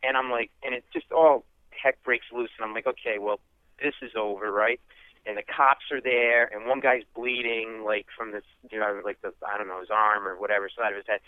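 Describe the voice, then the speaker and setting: A man telling a comic story in an interview, animated and acting out the people in it. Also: on the low side, brisk, clean tone, dry recording. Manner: animated, acts out voices. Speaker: guest comedian. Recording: tinny phone-like line.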